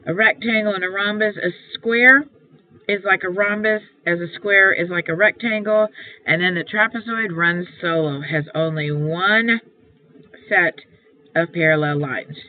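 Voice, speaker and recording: In a lowish, unhurried voice, a woman math teacher works through a homework assignment step by step. She is patient and repeats the main points. The clip has a tinny, telephone-like tone and a faint hiss.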